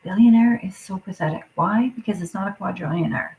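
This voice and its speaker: A woman's voice: mid-range voice, brisk, darkish tone, a little hiss or hum, poor audio. Swearing woman ranting in whispers. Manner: swears constantly, drops into muttered whispers. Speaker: livestreamer. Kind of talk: angry profane rant.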